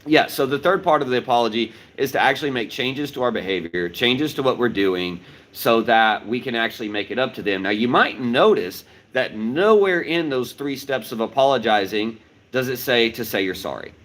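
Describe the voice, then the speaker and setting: A middle-aged martial arts instructor explains things step by step during a livestreamed talk, repeating key points and checking in with "right?" His mid-range voice is animated and fairly bright, at normal speed, though the recording is rough.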